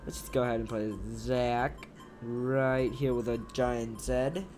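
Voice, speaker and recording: A man's voice: medium pitch, flat delivery, slow pace, darkish tone, faint music behind. A man giving casual gameplay commentary as a let's player, joking and reading game text aloud.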